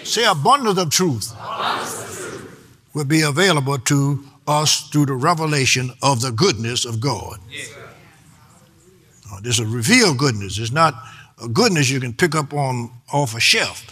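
A man's voice: mid-range voice, moderate pace, sharp tone. A man preaching a sermon in a rhythmic, half-sung delivery, drawing out words for emphasis and calling for responses from his congregation.

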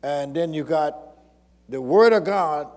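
A man's voice: a little high, a little slow, a little mellow, in a large hall. A man preaching a sermon as pastor, repeating phrases and calling out questions to the congregation.

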